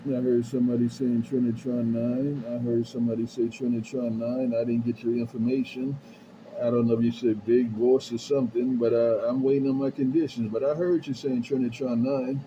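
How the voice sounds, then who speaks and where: A man's voice: medium pitch, level tone, fairly quick. Man on a crackly CB radio. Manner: repeats call signs and greetings in sing-song phrases. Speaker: CB radio operator. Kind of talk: CB radio call-outs. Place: home base station. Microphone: CB radio handheld mic. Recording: lo-fi CB radio with static hiss.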